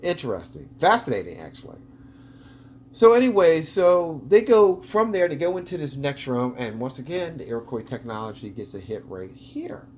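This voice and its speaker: A man's voice: on the high side, sing-song, moderate pace, a little mellow, a little hiss or hum. Chatty man narrating over footage. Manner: chatty, enthusiastic, many ums. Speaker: video host analyzing footage. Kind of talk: casual commentary over footage.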